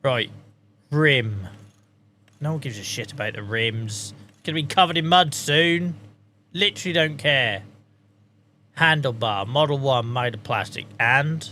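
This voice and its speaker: A man's voice: mid-range voice, a little slow, pauses often, bright, forceful tone, slight background noise. A man streaming a farming game, joking, swearing and chatting with his viewers. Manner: jokey, swears freely, talks to chat. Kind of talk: casual gameplay commentary.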